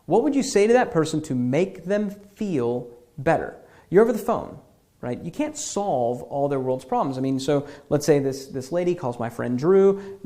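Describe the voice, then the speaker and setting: A male marketing instructor guides listeners through an imagined scenario. He talks loosely and conversationally, full of fillers and check-ins, with a slightly higher pitch than most men. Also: big pitch swings, normal speed, dark tone. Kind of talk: guided visualization lesson.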